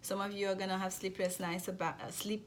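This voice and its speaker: A woman's voice: medium pitch, little pitch movement, brisk, a little hiss or hum. A woman with a noticeable accent giving an intuitive tarot reading to camera. She talks reassuringly, often restarts her phrases and checks in with her listeners. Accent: non-native accent. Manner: repetitive, reassuring, frequent restarts and check-in questions. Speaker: tarot reader.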